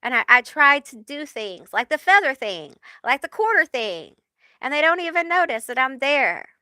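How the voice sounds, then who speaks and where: A woman's voice: high voice, very animated, moderate pace, pushed and bright, no echo, voice pushed up, full character voice. A woman voicing the spirit of a man who loved baseball, insisting through her that he is an angel watching over his family. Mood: earnest. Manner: insistent, repeating himself. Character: reassuring male spirit, baseball fan.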